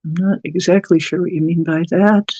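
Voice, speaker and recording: A livestream host chatting casually and at length, reading viewers' messages aloud and cooing softly at pets. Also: mid-range voice, steady tone, moderate pace, no echo, highs cut off. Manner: rambling, chatty, reads chat aloud.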